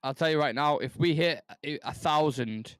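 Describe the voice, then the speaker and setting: A man's voice: fairly high pitch, normal speed, clear, resonant tone, no echo, clean studio sound. A man co-hosting a live football watchalong, bantering, joking and swearing casually. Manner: joking, swears, says "mate".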